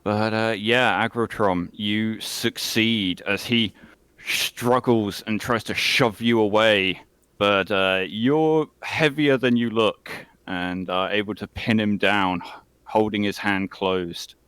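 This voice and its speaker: A man running a tabletop game as game master, narrating in a calm, matter-of-fact way. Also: lowish voice, slow pace, smooth, dry recording.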